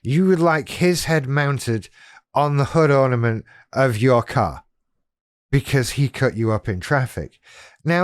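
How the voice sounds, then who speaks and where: Man, channel host, unhurried delivery, dry close sound, wry direct-to-camera talk. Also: mid-range voice, clean tone, no echo. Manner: wry, direct address to the viewer, self-deprecating. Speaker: YouTube channel host on living with BPD.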